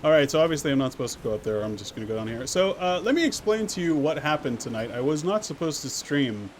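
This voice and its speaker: A man's voice: on the high side, sing-song, fast, slight background noise. A man streaming a game live, chatting playfully and answering his viewers as he plays. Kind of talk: live-stream gameplay commentary.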